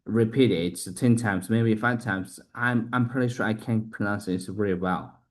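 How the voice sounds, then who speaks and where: Halting man practicing English words. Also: lowish voice. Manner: halting, restarts often, spells words letter by letter. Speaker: English learner. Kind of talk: casual practice conversation.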